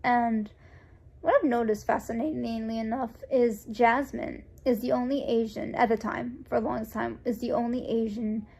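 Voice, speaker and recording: A woman's voice: a little high, moderate pace, gravelly. A young woman raised in the United States, telling a personal story in a casual, rambling way, full of restarts and fillers, and acting out the lines of the people in it. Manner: acts out quoted dialogue in a lively voice. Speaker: vlogger.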